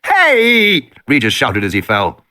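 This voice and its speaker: A man reading an audiobook in an expressive, dramatic narration. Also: mid-range voice, fairly quick.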